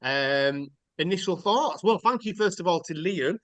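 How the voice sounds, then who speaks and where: A man's voice: high-pitched, lively intonation, measured pace, a bit bright, dry recording. A man hosting a casual podcast chat, rambling through mock rants with jokes and the odd swear word. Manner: joking, rambling, swears freely. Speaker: podcast host.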